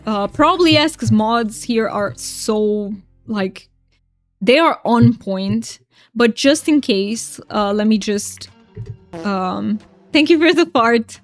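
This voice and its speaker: A woman's voice: mid-range voice, slow, soft background music. A young woman streaming a game, chatting casually and giggling as she reads out her chat.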